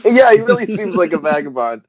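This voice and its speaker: A man talks on a podcast with a lively, animated lilt, laughing often. His voice sits slightly high. The sound is dry and close. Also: a little fast, no echo, rough recording. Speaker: podcast guest. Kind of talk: casual chat.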